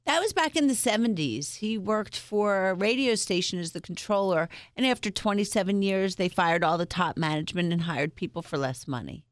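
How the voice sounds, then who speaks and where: A woman's voice: mid-range voice, lively intonation, normal speed, hardly any pauses, no room sound, clean studio sound. A middle-aged woman guest telling personal stories in an interview, frank and upbeat, using humor. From Springfield, United States.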